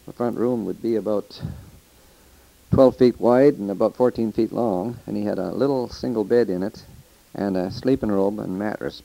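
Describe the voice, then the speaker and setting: A man's voice: fairly low pitch, gravelly, dark tone, rough recording. An older man telling rambling, folksy stories of the old days into a taped letter, with restarts and quoted voices. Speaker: storyteller recording a taped letter. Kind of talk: casual spoken reminiscence.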